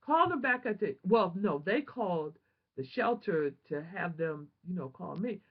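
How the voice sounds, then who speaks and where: A woman vlogger telling a personal testimony in an animated, emotional, prayerful way, on a dull lo-fi home recording. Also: fairly low pitch, a little slow.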